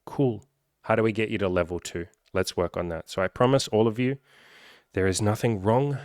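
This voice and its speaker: A man coaching viewers in a casual, animated vlog, swearing freely and acting out the people he quotes. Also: on the low side, moderate pace, no room sound, studio quality. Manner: profane, animated, acts out quoted voices. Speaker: self-improvement coach. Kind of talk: casual direct-to-camera vlog.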